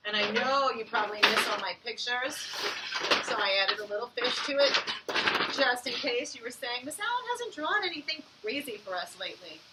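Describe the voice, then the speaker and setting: A woman teacher giving an online phonics lesson to young children. She speaks encouragingly and sounds words out slowly. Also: a little high, far from the mic, very noisy.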